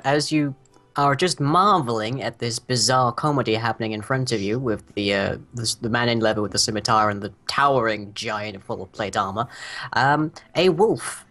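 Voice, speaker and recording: A man as game master, narrating a tabletop game in a halting way with many fillers. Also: medium pitch, fairly bright tone, faint music behind.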